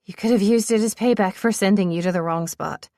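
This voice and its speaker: A woman voicing a gruff, protective young man who chases storms, speaking low and close in an audiobook. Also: fairly quick, warm tone, dry recording, lightly acted. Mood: teasing. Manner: low growling tone, tender under strain.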